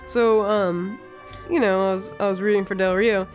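A woman chatting casually as co-host, animated and full of filler words. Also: mid-range voice, soft background music. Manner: animated, filler-heavy, quick asides. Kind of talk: casual chat.

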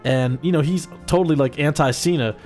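A man's voice: fairly high pitch, brisk, a little mellow, faint music behind. A man chatting casually as co-host, rambling and laughing, with lots of filler words. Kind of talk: casual chat.

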